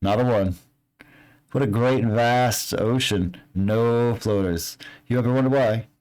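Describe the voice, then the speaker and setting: Brief: a man playing a shifty, stuttering street hustler pitched up high, wheedling and sly, for a tabletop game. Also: unhurried, darkish tone, lightly acted, poor audio. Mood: conspiratorial. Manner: stammering, repeats himself, sly.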